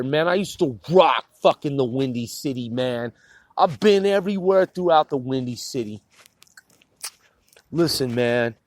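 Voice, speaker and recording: A man from the Puget Sound area vents angrily into his phone camera, swearing a lot. His medium-pitched voice sounds dry and close, and the heated rant keeps circling back on itself.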